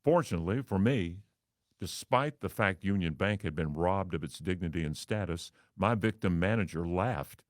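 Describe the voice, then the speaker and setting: Wry male host, baritone, theatrical storytelling, dry close sound. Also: expressive, moderate pace, no echo. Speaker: radio and TV host. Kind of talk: storytelling monologue.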